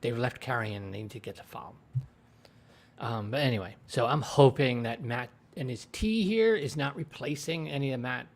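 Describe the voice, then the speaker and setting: A man's voice: medium pitch, animated, moderate pace. A man giving a casual spoken review of a TV episode, retelling scenes in a rambling way with lots of fillers, into his own desk microphone. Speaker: TV show reviewer.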